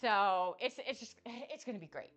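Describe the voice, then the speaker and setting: A woman cooking on a live stream, chatting in an excitable, bubbly way with a slight lisp. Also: mid-range voice, normal speed, highs cut off, faint music behind. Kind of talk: casual live-stream chat.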